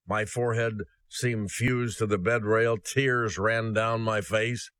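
A man delivers a sermon in an earnest, slow and solemn voice. His voice sits low, and the sound is dry and close. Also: level tone, a bit bright, no echo. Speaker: ministry host. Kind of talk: sermon with a read-aloud story.

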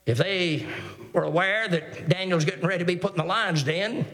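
A man with a high voice preaches a sermon as a pastor. He talks earnestly, piling up repeated phrases and tripping into restarts. Now and then he reads old scripture aloud in formal wording. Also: moderate pace, fairly bright tone.

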